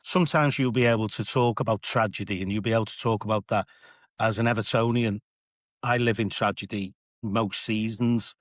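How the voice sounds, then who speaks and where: Teacher guy on a podcast, lowish voice, dry close sound, thinks out loud and restarts a lot. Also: steady tone, a little fast, no echo. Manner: earnest, reflective, frequent restarts. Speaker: assistant head teacher guest. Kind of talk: conversational podcast discussion.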